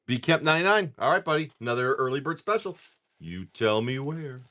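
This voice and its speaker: A man hosting a casual livestream who greets viewers by name, chats, and swears freely while opening card packs. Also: mid-range voice. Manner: animated, quick bursts of talk. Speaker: card-breaking livestream host.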